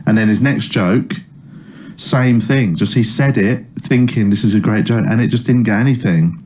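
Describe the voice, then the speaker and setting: Low-voiced man telling a rambling story. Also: moderate pace, a little mellow. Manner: rambling storyteller with many fillers and restarts. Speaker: comedian guest. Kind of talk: casual anecdotal chat.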